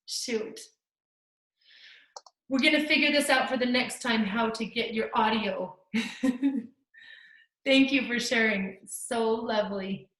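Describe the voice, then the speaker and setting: A woman's voice: fairly high pitch, takes it slowly, pauses often, fairly bright tone. A woman teaching a live online art class to children over a video call, full of gushing, encouraging praise. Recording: echoey room.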